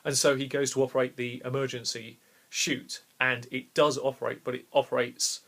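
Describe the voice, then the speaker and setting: A man's voice: mid-range voice, little pitch movement, moderate pace, fairly bright tone. A man, a game master recounting a favourite role-play session in a rambling, enthusiastic way. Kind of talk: casual storytelling to camera.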